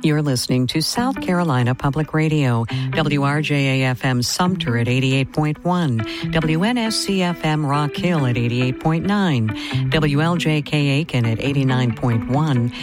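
An announcer reading station call letters and frequencies in an even listing cadence. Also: mid-range voice, moderate pace, over music. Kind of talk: station identification.

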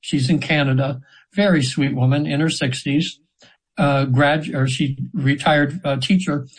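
A hypnotherapy practitioner in his seventies, here as a guest in a casual storytelling interview, earnestly rambles through his session stories with many restarts. His higher-leaning voice keeps a measured pace and fairly even intonation, though the audio is poor.

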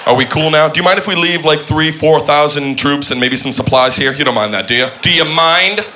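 A man doing a stand-up routine, loud and mocking, building up to shouts. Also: on the high side, steady tone, brisk. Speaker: stand-up comedian. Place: comedy stage before a live audience. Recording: noisy live show with crowd laughter. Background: audience laughing.

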